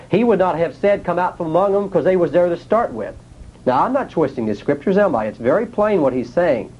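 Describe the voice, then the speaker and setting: Man preaching, folksy, lo-fi. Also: on the high side. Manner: plain conversational teaching with rhetorical questions; nonstandard grammar, folksy speech. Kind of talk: sermon teaching.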